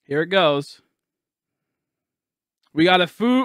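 A young male streamer with a high, bright voice that swings widely between lows and highs. He talks in loud, exasperated bursts, laughing and swearing at his game. The sound is dry and close to the mic. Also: lively intonation, normal speed, dry recording. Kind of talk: live game stream commentary.

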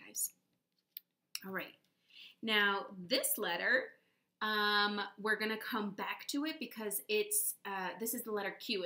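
A woman teaching phonics to small children, speaking very slowly and encouragingly. She draws out each letter sound for them to repeat. Her voice rings in a noticeably echoey room. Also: medium pitch, bright, forceful tone.

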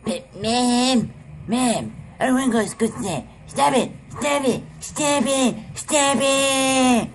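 A man's voice: very high voice, slow pace, slight background noise, pitched above the performer's own voice, heavily acted. A man voicing a whiny, bratty cartoon boy who repeats himself. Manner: whining, repetitive.

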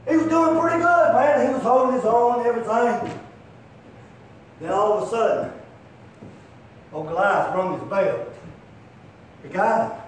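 A man's voice: very high voice, normal speed, pauses often. A male evangelist preaching through folksy stories, rambling and peppering his talk with "man" and "buddy". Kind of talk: sermon with storytelling. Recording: echoey hall from far off, faint hum.

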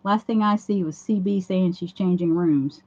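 A hoarse woman hosts a casual craft livestream, chatting through each step as she works at a home craft table. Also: lowish voice, normal speed, a little mellow. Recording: dull lo-fi livestream audio.

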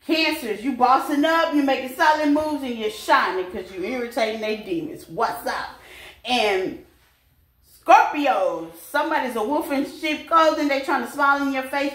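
A woman's voice: high voice, normal speed, a bit bright. A woman giving a casual, chatty tarot reading to her viewers, laughing often and calling them babies. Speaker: tarot reader. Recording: echoey room with faint noise.

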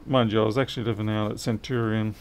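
A man's voice: on the low side, flat delivery, fast talker, darkish tone, a little hiss or hum. A middle-aged man, chatting casually and thinking aloud while he works through a repair on a livestream. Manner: rambling, thinks aloud, answers chat.

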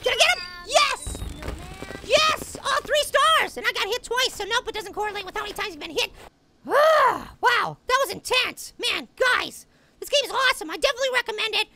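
Midget Apple, a squeaky tiny cartoon apple. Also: male voice, animated, fairly quick, gravelly, no echo, heavily acted. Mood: excited. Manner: squeaky, easily riled, shouting at opponent. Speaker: let's play gamer. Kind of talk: gameplay commentary.

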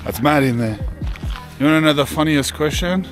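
A man's voice: a little high, normal speed, music in the background. An Australian man vlogging casually as he walks around town and into shops, joking and swearing freely. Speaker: travel vlogger. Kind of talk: casual travel vlog.

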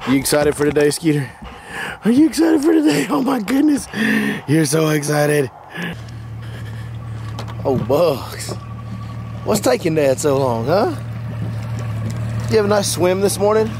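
A man talking to his dog outdoors in a high, excited baby-talk voice. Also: a little slow, long pauses, noisy background, close to an everyday voice. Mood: doting. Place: outdoors by a truck and boat.

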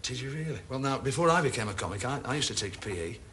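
A man hosting a television game show, teasing contestants with quick, chirpy quips in a studio. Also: medium pitch, lively intonation, a bit bright. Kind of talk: jokey studio banter. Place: TV studio with live audience. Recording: old TV broadcast, audience laughter, hiss.

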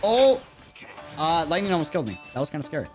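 This is a young man with a New York City accent, talking through a live gaming stream. His voice sits a touch high and swoops up and down with a lot of life. He rambles casually to chat and yells at the game whenever things go badly. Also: very animated, quick pace, soft background music. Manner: chatty, reacts loudly to gameplay.

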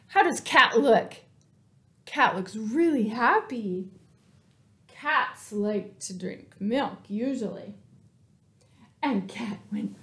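A woman librarian reading a children's story aloud, expressive and playful, asking the children questions and dropping to whispers. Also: medium pitch. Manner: animated, slow and expressive, asks the children questions, drops to whispers.

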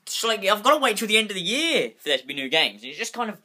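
A young man vlogs from his bedroom on a handheld phone, rambling restlessly and swearing freely. His high-pitched voice is very animated and sharp, racing along at speed.

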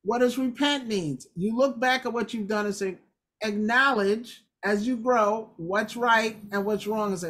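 A Bible study teacher with a fairly high, slightly bright voice speaks a little slowly. She teaches scripture informally and conversationally, with emphasis and playful asides, acting out the quotes she reads.

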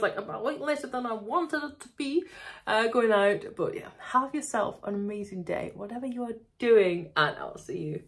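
Husky, gravelly woman vlogging. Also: fairly high pitch, lively intonation, normal speed. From United Kingdom. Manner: chatty, self-mocking, thinking aloud. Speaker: budgeting vlogger. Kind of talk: casual chat to camera. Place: home, at night.

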